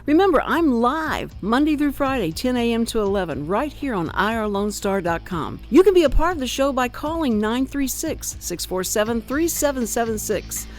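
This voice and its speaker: Animated woman talk radio host. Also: a little high, moderate pace, few pauses, faint music behind. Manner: chatty, animated, laughs often.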